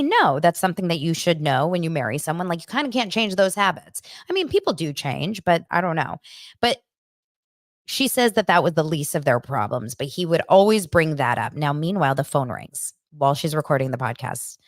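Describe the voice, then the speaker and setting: A woman's voice: on the low side, expressive, a little fast, dry recording, studio quality. A young adult woman hosting a casual pop culture chat, telling stories animatedly and acting out quotes, with lots of "like". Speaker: pop culture show host. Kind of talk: casual chat recapping celebrity news.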